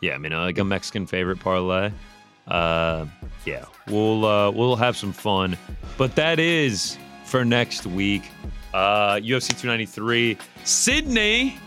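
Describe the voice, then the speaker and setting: A man's voice: fairly low pitch, unhurried, a bit bright, faint music behind. A man co-hosting a casual sports-betting podcast, rambling along with fillers and restarts. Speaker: podcast co-host.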